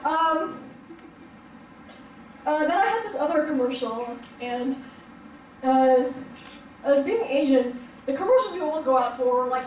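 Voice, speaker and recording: High-voiced young woman doing stand-up. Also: slight background noise. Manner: rambling, filler-heavy storytelling with frequent laughs. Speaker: stand-up comedian. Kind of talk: stand-up comedy set. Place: hotel event room before a live audience. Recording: roomy, distant live-show sound.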